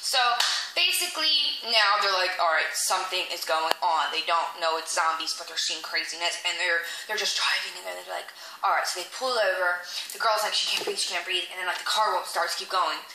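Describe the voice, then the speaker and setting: A young woman, chatting to camera as she retells a movie and acts out the lines in quick little voices. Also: fairly low pitch. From Philadelphia. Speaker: vlogger reviewing a movie. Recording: echoey room, faint noise.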